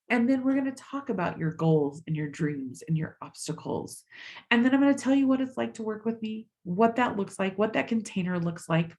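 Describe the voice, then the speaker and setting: A woman's voice: medium pitch, animated, normal speed, a little mellow. A middle-aged woman life coach giving a motivational master class, emphatic and encouraging, with the odd casual swear word.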